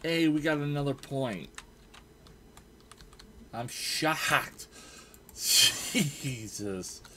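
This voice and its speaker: A man's voice: a little high, expressive, drawn-out words, bright, forceful tone, a little hiss or hum. A young man giving casual commentary on his own gameplay, exasperated, groaning and swearing as his team gets beaten. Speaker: gaming channel host. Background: game music and keyboard typing.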